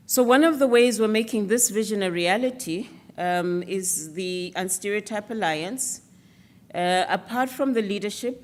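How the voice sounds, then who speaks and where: Slow, earnest woman giving a speech. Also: medium pitch. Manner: measured, earnest, with fillers. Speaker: speaker presenting an alliance against stereotypes. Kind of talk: formal speech at an awards event.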